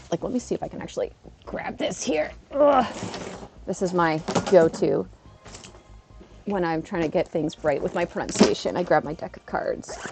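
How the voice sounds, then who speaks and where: A young woman streamer chatting casually to her live-stream viewers, acting out quoted people in an animated way and laughing often. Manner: animated, acts out quotes with big pitch jumps. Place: living in Japan.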